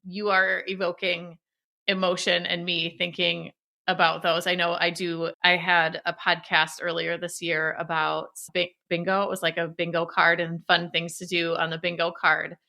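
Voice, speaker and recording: A woman hosting a podcast interview, expressive and chatty, tossing in personal asides before her questions. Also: lowish voice, moderate pace, gravelly. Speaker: podcast host. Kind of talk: casual interview.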